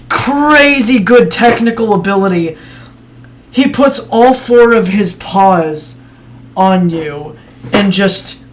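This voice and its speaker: Slow, laid-back game master. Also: mid-range voice, slight background noise. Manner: laid-back, laughs often, trails off with fillers. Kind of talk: casual tabletop narration.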